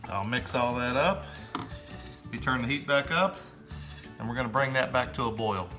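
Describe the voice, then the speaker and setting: A man narrating his home cooking in a relaxed, chatty way, with many fillers. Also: medium pitch, normal speed, soft background music. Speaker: home cook.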